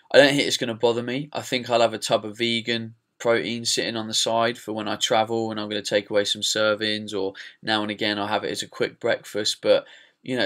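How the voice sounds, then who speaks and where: A man hosts a casual podcast, relaxed and opinionated, trading banter with his guest. His voice sits low. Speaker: podcast host.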